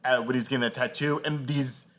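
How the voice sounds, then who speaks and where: A man's voice: medium pitch, steady tone, a little fast. A man co-hosting a podcast, tossing out playful, speculative theories in casual chat. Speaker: podcast co-host.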